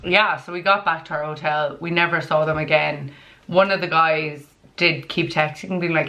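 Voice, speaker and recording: A young woman telling a story to her camera, chatty and animated, with a rambling "like"-filled flow. Her voice sits a little low for a woman but rings bright and clear. She is recorded on a camera mic in her bedroom. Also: normal speed. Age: young adult. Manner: chatty and animated, heavy use of "like", frequent laughs. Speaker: vlogger. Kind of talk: storytime vlog.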